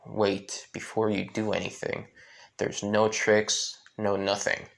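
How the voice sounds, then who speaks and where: A man voicing a calm, guarded teenage boy in a fan-made story, slightly lower than his own voice. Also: slow pace, vocal fry. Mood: wary.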